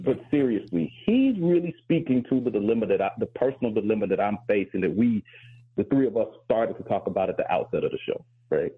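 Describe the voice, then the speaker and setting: A man's voice: lowish voice, slightly rough. A man hosting a radio talk show, speaking earnestly and reflectively as a historian, with frequent restarts. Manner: earnest and reflective, with repeated words and quick laughs. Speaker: host and historian. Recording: tinny phone-like broadcast.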